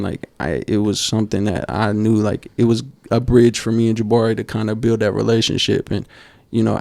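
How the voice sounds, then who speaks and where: A man co-hosting a basketball podcast, telling coaching stories in a casual, animated way and acting out quotes. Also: on the low side, gravelly, dry recording. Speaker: podcast co-host. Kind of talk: casual storytelling chat.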